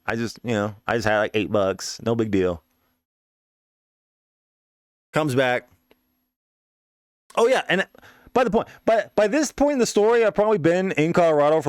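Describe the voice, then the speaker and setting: A man's voice: medium pitch, smooth, no room sound. A young man telling a rambling, profane story in a casual way, full of fillers and asides, recorded close on the mic. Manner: rambling, profane, fillers like "you know what I mean". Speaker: podcast host.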